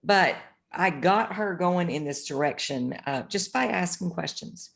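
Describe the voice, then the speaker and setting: A woman's voice: lowish voice, expressive, a little slow, vocal fry. A middle-aged woman co-hosting a podcast, chatting casually and telling candid stories, swearing freely. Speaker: podcast co-host. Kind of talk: casual chat.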